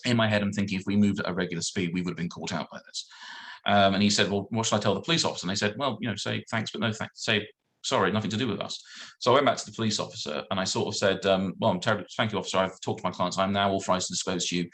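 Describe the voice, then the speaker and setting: A man, a solicitor, telling a lively anecdote on a video call and acting out the other people in it. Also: low voice, rapid-fire. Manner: animated storyteller acting out dialogue. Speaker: guest solicitor.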